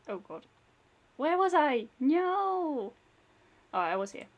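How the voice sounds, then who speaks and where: A woman's voice: high voice, very animated, slow, pauses often, faint music behind. A young woman hosting a reaction video, chatting casually in a rambling way and laughing often.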